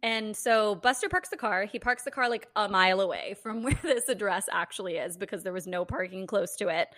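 A young woman co-hosting a podcast, telling a story in a casual, animated way, laughing and joking crudely. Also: mid-range voice, a little fast, dry recording, studio quality. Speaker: podcast co-host.

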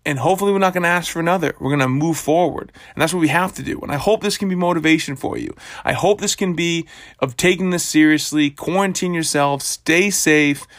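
A man's voice: fairly high pitch, a little fast, fairly bright tone, no room sound, clean studio sound. A young man hosting his own podcast, talking casually and bluntly in a rambling motivational monologue that is full of swearing. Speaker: podcast host.

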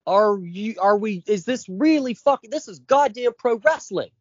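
A man's voice: sits high, animated, moderate pace, slightly rough, no echo. Forty-something guy ranting and cussing on a podcast, voice swings all over, dry close mic, kinda dull lo-fi sound. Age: 40s. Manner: profane, ranting, emphatic. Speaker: podcast co-host. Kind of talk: casual chat.

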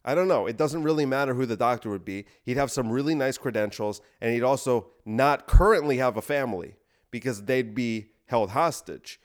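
A man hosting a podcast, delivering a deadpan comedic monologue of escalating absurd bits. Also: mid-range voice, fairly quick. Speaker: podcast host.

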